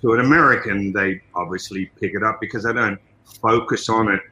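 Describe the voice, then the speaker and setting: Australian man, bright forceful voice, chatty podcast guest full of asides. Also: lowish voice, fairly quick, low-quality recording. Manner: animated storytelling with many "you know" asides. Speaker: guest, martial arts trainer and fight coordinator. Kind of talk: casual interview talk.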